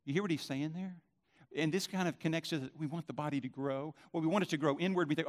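A man's voice: a little high, fast. Emphatic man preaching a sermon. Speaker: pastor.

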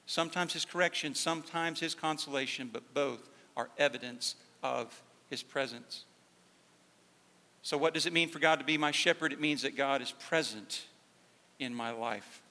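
A man preaching a sermon as pastor, dropping to a hushed, slow emphasis and then rising to loud, fervent peaks. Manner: swings from hushed, slow emphasis to loud, high-pitched fervor. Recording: long hall reverb.

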